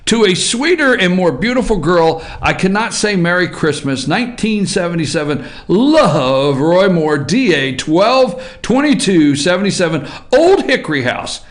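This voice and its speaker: A man hosting an opinionated morning talk show, sarcastic and animated, often rising into shouts. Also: high-pitched, normal speed, few pauses. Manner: animated, sarcastic, breaks into shouts and mock voices.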